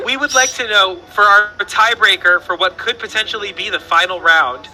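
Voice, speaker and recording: A man's voice: high-pitched, moderate pace, sharp tone, poor audio. A man hosting an online trivia quiz over voice chat, playful and rambling, laughing at his own jokes.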